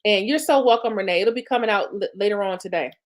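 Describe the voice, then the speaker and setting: A woman's voice: mid-range voice, quick pace. A woman business coach, talking viewers through planning in a chatty, encouraging way. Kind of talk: live-streamed coaching talk.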